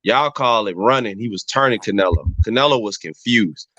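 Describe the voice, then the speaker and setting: A man's voice: lowish voice, normal speed, pushed and bright. A man in casual barbershop chat, breaking down a fight emphatically, repeating his points and talking to everyone as y'all. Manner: emphatic, repeats phrases, addresses the crowd as y'all. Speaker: barbershop regular giving boxing analysis. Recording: dull, slightly muffled, dry sound.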